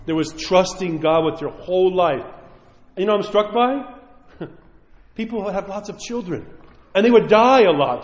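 A man's voice: sits high, roomy sound, long reverb tail. A middle-aged man preaching a sermon as a priest, impassioned and pleading, acting out the voices he quotes.

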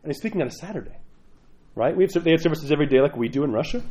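A man's voice: a little high, animated, very fast, mellow. A man, a parish priest, giving an informal sermon in a rambling, chatty way with frequent asides.

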